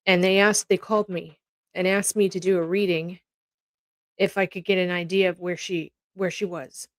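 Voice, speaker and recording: A woman's voice: on the low side, flat delivery, normal speed, no echo. A woman from Canada hosting a casual commentary from home, telling stories in a rambling, heartfelt way that verges on tears. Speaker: host reacting to news clips.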